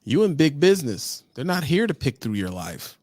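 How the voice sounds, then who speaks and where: A man's voice: on the high side, big pitch swings, normal speed, a little mellow, no echo, studio quality. A man who trains truck drivers, ranting and lecturing in a casual vlog with slang, exasperated and preachy.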